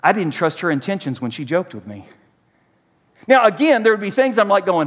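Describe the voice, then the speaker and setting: A pastor in his forties preaches to his congregation with a high, animated voice that rises and falls constantly. His delivery is direct and conversational. The sound carries a long reverb from a large church sanctuary. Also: moderate pace. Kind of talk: sermon.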